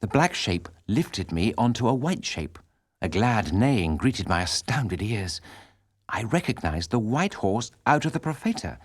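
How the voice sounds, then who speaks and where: Young woman singer recounting a frightening night in a storybook, expressive, with lively pitch, read by a male narrator. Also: husky, no room sound. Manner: expressive storytelling, first person. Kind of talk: audiobook narration.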